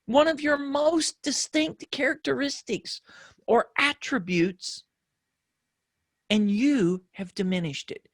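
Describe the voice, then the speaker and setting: A man whose voice sits higher than most men's, telling stories in a reflective, casual conversation as a podcast guest. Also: takes it slowly, fairly bright tone, no room sound, studio quality. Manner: reflective storyteller.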